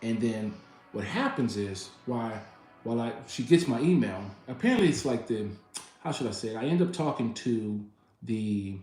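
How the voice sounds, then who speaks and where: A man's voice: medium pitch, moderate pace. Exasperated man with an echoey room sound. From United States. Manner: animated, exasperated, yells when reenacting arguments; colloquial, double negatives. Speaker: vlogger. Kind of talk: casual storytelling rant. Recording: very echoey room with music behind.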